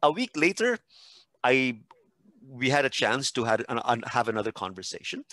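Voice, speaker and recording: A man of ordinary pitch tells classroom anecdotes in a relaxed podcast chat, acting out other people's lines as he goes. The sound is dry and close, with no room around it. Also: normal speed, no echo. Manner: animated storytelling with acted-out quotes. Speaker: podcast guest expert and teacher. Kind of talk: casual podcast conversation.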